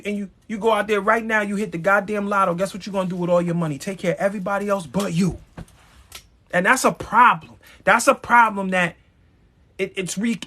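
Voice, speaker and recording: Male live-stream host with a high voice, emphatic motivational preacher, swears freely. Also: bright, forceful tone. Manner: emphatic, preachy, blunt with profanity; addresses viewers directly.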